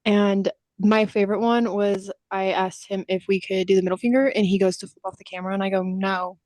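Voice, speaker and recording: A woman's voice: medium pitch, steady tone, fast talker, a little mellow, no echo. A young adult woman co-hosting a podcast, chatting casually and telling stories with casual swearing and acted-out quotes. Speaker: podcast co-host. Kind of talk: casual chat.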